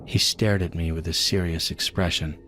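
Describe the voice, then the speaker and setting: Deep-voiced male horror narrator. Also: fairly even intonation, moderate pace, a bit bright, slight background noise. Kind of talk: scripted horror story narration. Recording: voice-over with music behind.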